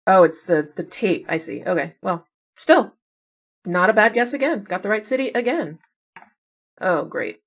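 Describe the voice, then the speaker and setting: In her mid-range, creaky voice, a woman streams puzzle games and talks through her thinking in chatty, curious commentary. She speaks expressively at normal speed and pokes fun at herself along the way.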